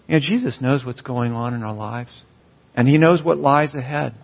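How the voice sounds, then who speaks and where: A pastor preaching a sermon in a church, earnest and building emphasis on key phrases. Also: male voice, mid-range voice, moderate pace, gravelly. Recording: dull, slightly lo-fi sound.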